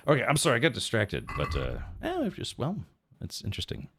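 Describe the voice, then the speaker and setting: A man's voice: medium pitch, wildly swooping pitch, fast talker, background noise. A man streaming a video game, chatting casually, rambling and thinking aloud with lots of fillers and restarts, and reading chat and quest text aloud. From United States. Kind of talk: casual livestream chat while gaming.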